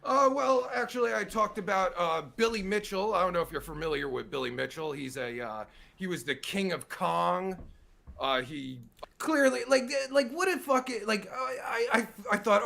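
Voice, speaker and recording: A man's voice: sits high, big pitch swings, moderate pace, vocal fry, bright, forceful tone. A man ranting angrily and sarcastically as he reacts to a podcast clip, swearing constantly. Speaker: podcast host reacting to a recording. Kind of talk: profane ranting commentary.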